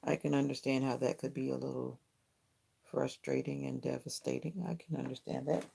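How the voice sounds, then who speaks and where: Gravelly-voiced woman hosting a late-night livestream. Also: extremely low pitch, flat delivery, normal speed, dark tone, slight background noise. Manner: talks directly to chat viewers, repeating questions. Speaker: livestream host. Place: home, lit by a ring light.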